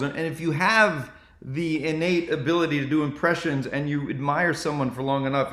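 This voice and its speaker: Animated comedian, man, bright voice, echoey room. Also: a little high. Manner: animated storytelling. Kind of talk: casual chat. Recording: roomy echo.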